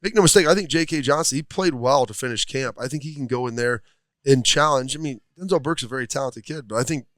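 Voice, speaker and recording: A man who once played the game talks football as an analyst at a live restaurant show. His voice is middle-pitched and his delivery folksy. He builds his points with examples, and the sound is dry and close. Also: quick pace, fairly bright tone, dry recording. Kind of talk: casual sports talk.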